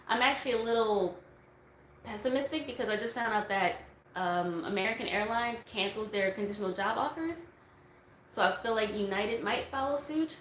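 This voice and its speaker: A woman's voice: medium pitch, a bit bright. Young woman, chatty livestream Q&A, rambling with fillers, phone mic, echoey room, faint hiss. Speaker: YouTube streamer answering viewer questions. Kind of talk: casual livestream Q&A. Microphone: phone on a tripod.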